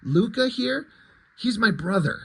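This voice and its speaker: A man's voice: sits high, lively intonation, a little slow, creaky, pushed and bright, slightly rough, voice pushed up, full character voice. A man reading a nervous mob hitman. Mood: anxious.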